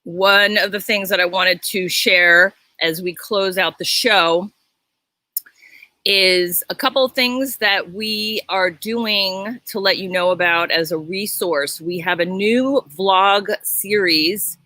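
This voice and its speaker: A middle-aged woman co-hosting a casual business chat, explaining in a measured way, recorded outdoors on her home deck. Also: mid-range voice, bright, forceful tone, no room sound. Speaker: co-host.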